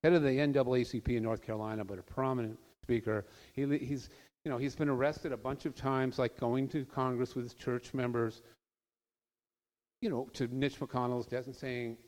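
A man's voice: medium pitch, fairly even intonation, moderate pace, a little mellow. A man giving an informal, earnest talk to an audience, conversational and sometimes emphatic. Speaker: speaker addressing an audience. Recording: long hall reverb.

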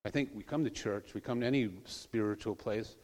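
Male preacher, low voice, relaxed storytelling sermon, church hall with long reverb. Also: a little fast. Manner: conversational storytelling, with soft trailing asides. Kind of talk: informal sermon.

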